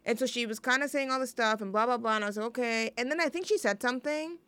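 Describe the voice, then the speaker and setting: A young woman hosts a radio show, rambling and joking at her own expense between songs. Her voice sits a little high, smooth and resonant. The mic is close and dry, with no room sound. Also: fast talker, sharp tone, dry recording. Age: young adult. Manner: rambling, self-deprecating and jokey. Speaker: student radio host.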